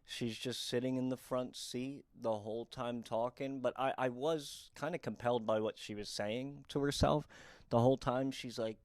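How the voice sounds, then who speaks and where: A young man telling comic true stories in a quick, deadpan and wry way. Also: mid-range voice, no echo, clean studio sound. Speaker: comedic storyteller. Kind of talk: storytime comedy monologue.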